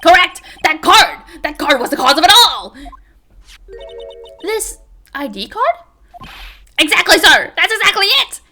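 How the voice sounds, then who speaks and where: A woman voicing a jittery young male police patrolman in a game, shouting and ending nearly every sentence with "sir!". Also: very high voice, big pitch swings, unhurried, long pauses, faint music behind, voice pushed up, exaggerated voice. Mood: frantic, loud. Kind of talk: voice acting a game script aloud.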